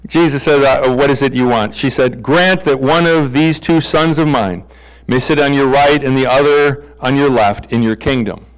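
A man's voice: mid-range voice, rough recording. A middle-aged male pastor giving a conversational sermon, playfully acting out bible characters in comic voices.

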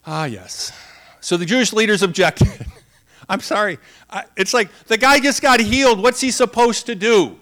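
Male pastor, high voice, chatty and funny, sermon delivery. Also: normal speed, bright, forceful tone. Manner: conversational, humorous, laughs often.

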